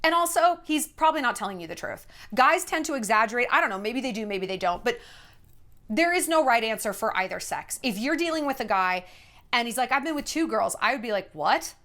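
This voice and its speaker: A woman in her thirties talks straight to her viewers with sassy, no-nonsense dating advice. Her voice sits a little high and swoops all over the place. She tells stories in an animated, blunt way. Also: brisk. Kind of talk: casual advice monologue.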